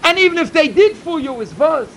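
Man, middle-aged, sermon storyteller, emphatic, repetitive, lively pitch, faint background noise. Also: fast. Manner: emphatic, repetitive, swings between loud and hushed. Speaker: yeshiva speaker.

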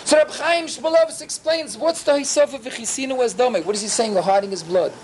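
A man teaching a Torah class, telling stories with animated swings in pitch and many rhetorical questions. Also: brisk, a little hiss or hum.

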